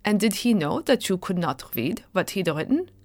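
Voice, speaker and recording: A man's voice: high voice, very animated, moderate pace, a little mellow, dry recording. A woman voicing a dignified colonial pastor, bewildered at an accusation, speaking formally and with measure.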